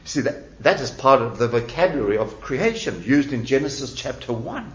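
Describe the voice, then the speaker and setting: A man's voice: medium pitch, big pitch swings, moderate pace. Emphatic male preacher, echoey lo-fi church. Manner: emphatic preaching, repeats key words, rising and falling delivery. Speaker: pastor. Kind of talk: sermon. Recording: echoey church hall, dull lo-fi sound.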